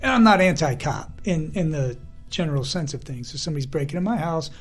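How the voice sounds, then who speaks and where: A man's voice: fairly high pitch, expressive, fast talker, husky, soft background music. A man co-hosting a podcast, telling stories in a rambling casual chat, peppering his talk with "you know". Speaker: podcast co-host.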